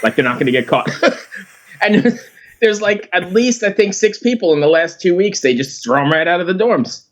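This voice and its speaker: A man hosting a casual podcast, relaxed and quick to laugh and agree. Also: high-pitched. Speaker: podcast host. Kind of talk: casual chat.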